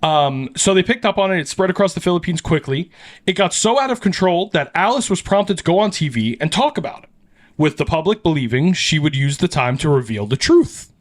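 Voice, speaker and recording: A man hosting a podcast, his voice sitting a touch high. He retells an urban legend in loose, animated chat, swearing and laughing often. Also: brisk. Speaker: podcast host. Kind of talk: casual storytelling chat.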